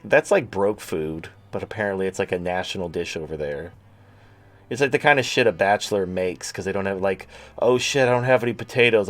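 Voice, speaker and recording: Crude, rambling man hosting a stream. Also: low voice. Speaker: host. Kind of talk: casual livestream talk.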